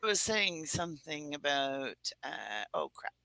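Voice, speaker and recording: A man from the Pacific Northwest chatting on a podcast, his voice very bright and sharp-edged. He rambles, backtracks and laughs at himself, recorded close and dry with no room sound. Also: on the high side, sing-song, unhurried, gravelly, smooth, dry recording, low-quality recording. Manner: rambling, self-mocking, laughs often. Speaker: podcast co-host. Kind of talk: casual chat.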